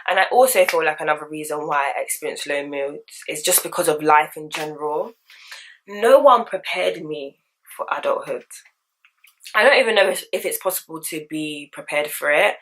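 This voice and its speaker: Young woman, deep-set voice, candid slangy vlogger chat. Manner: candid, slangy, animated storytelling. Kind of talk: casual get-ready-with-me chat.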